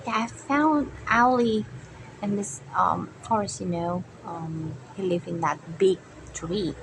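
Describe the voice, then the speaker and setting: A friendly young male toy engine talks in a soft, hesitant voice, as a woman plays him. He speaks slowly, with a faint hiss behind the recording. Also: mid-range voice, pitched below the performer's own voice. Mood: gentle.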